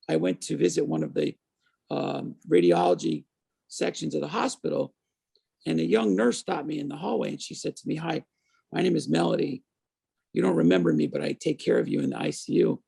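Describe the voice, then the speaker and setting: A man in his fifties with a somewhat high, creaky, husky voice talks a little quickly. He's a guest on an interview show, animatedly telling his story and performing the voices of people he quotes.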